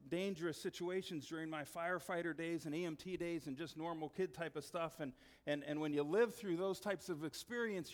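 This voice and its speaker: His sermon unfolds conversationally, a male pastor whose high voice regularly softens to a quiet earnestness when he wants something to land. The sound echoes with the long reverb of a spacious hall.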